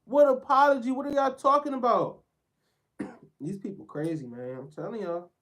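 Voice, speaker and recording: A man's voice: extremely high pitch, moderate pace, fairly bright tone. A man ranting in a sports commentary video, fired up and blunt. He talks in loose slang and swears freely. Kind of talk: heated sports commentary rant.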